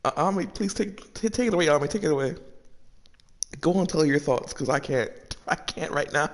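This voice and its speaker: A man's voice: high-pitched, unhurried, gravelly, long pauses, slightly rough. A man giving casual let's-play commentary to his audience, swearing a lot and repeating himself as he reacts. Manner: profane, repetitive, animated reactions. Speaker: gaming channel host.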